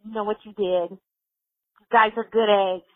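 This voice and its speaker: A woman's voice: medium pitch, steady tone, unhurried, dry recording, narrow, tinny audio. Bubbly woman on a phone message. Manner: bubbly, effusive. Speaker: caller leaving a voicemail. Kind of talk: excited voicemail message. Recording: dry phone voicemail line.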